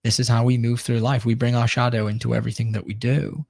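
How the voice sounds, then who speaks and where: A man's voice: mid-range voice, level tone, quick pace, vocal fry, a little mellow, no room sound. A man in casual podcast conversation, reflective and searching, with many fillers.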